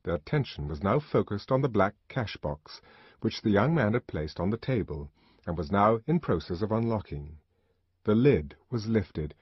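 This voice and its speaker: Husky, expressive audiobook narrator. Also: male voice, fairly low pitch, normal speed, dry recording. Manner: expressive, dramatic reading. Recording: dull, dry lo-fi recording.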